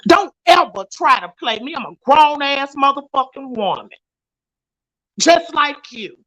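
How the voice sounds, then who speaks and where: Woman, high voice, heated profane rant, confrontational. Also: animated, unhurried, a bit bright, poor audio. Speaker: vlogger.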